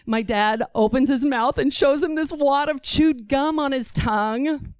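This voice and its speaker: This woman from Texas has a high-pitched voice and takes her time as she tells a true story on stage to a live crowd. She animatedly performs the voices of others in the tale, captured in a dry, clean studio recording.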